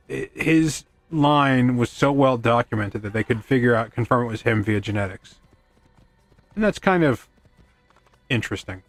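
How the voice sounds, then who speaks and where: A man's voice: mid-range voice, no room sound. Man, gaming streamer, rambling quips, mid-range voice, dry sound. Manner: rambling, self-deprecating quips, chats to his horse. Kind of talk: casual gameplay commentary.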